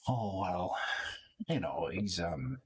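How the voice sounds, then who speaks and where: A low, hushed, hesitant man, as a game master puts him on for a tabletop game who leans in to confide, hedging with fillers and pauses. His voice sits clearly below the speaker's own, soft and wary. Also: animated. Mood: guarded.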